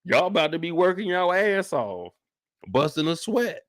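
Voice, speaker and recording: Young guy hosting a casual after-show, slangy, kinda high voice that jumps all over, big loud outbursts. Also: moderate pace. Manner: animated, slangy, acts out reactions with loud outbursts. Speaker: host.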